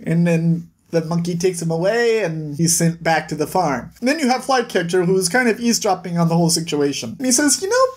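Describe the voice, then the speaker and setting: A woman hosting a casual book review vlog, talking in an animated, exasperated, jokey way. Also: fairly low pitch, brisk, few pauses.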